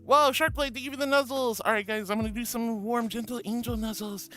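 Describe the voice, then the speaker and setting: Over music, a male streamer with a very high voice reads out chat messages at a moderate pace. He's bubbly and affectionate, his intonation lively, and he addresses viewers as honey and sweetheart.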